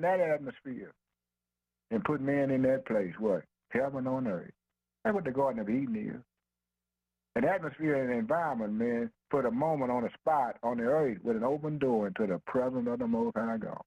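A man preaches in a rhythmic, emphatic style, asking himself "what?" and answering, dropping "man" and "boy" between phrases, and using informal dialect like "ain't no". His medium-pitched voice has lively intonation, a moderate pace, and a slightly mellow, rough quality, with no room sound and dull audio.

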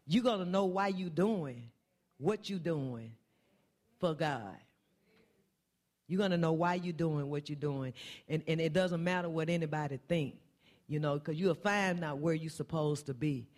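A woman's voice: low voice, darkish tone. A woman delivering a sermon in church, impassioned and repeating refrains, her voice climbing on key phrases. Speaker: church speaker.

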